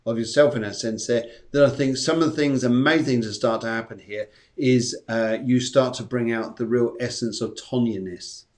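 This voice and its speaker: A man's voice: mid-range voice, fairly even intonation, normal speed, few pauses, darkish tone. A man, a psychic medium, hosting a live-stream show in a chatty, jokey, rambling way. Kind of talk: live-stream reading chat.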